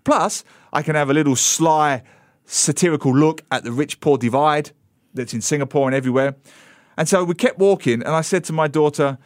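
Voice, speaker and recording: A middle-aged man, a book author as the radio interview guest, telling an animated story and slipping into voices for quoted people. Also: on the high side, fairly quick, no echo, studio quality. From Britain.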